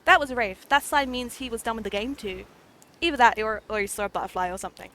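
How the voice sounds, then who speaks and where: A woman's voice: fairly high pitch, quick pace, slight background noise. A woman streaming a dating game, reading the lines aloud and reacting with giggles and silly attempts. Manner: giggly, excitable, trying out silly accents.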